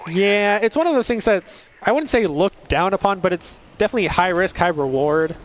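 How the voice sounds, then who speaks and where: An esports caster with a high, animated voice gives play-by-play commentary on a match at a normal speed, breaking down tactics in a detailed, conversational way. There is noticeable noise in the background.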